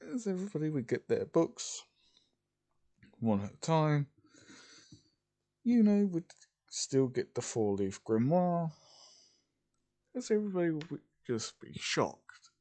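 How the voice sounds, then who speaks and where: A man's voice: a little high, sing-song, slow, long pauses, dark tone. A man casually narrating a fan fiction story in a rambling, repetitive way. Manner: rambling, repeats "as ... would just".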